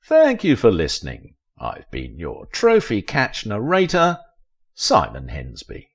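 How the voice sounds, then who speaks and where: A man narrating a dark comic story in a wry, dramatic storytelling manner. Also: lowish voice, huge pitch swings, takes it slowly, slightly rough. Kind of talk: scripted horror-comedy story narration.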